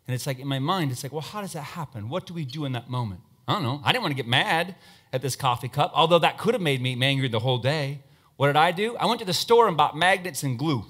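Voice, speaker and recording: Animated high-voiced man speaking on stage. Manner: animated, joking, playful asides to the audience. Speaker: motivational speaker and magician. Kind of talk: humorous stage talk with audience participation. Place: stage before a live audience.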